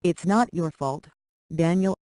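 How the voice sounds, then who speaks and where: A reader voicing a gentle, loving young woman who is dying, speaking softly and weakly. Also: medium pitch, measured pace, no room sound, lightly acted. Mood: tender. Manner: soft, weak delivery.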